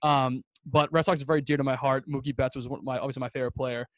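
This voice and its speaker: Guy talking super fast on a sports podcast, blunt, dry close sound. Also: medium pitch, steady tone, no room sound. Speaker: podcast co-host. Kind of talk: casual sports chat.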